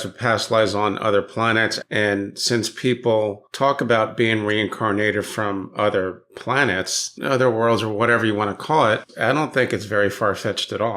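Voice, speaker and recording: A man's voice: fairly low pitch, a bit bright. A man hosting a podcast interview, asking curious, thoughtful questions. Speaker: podcast host.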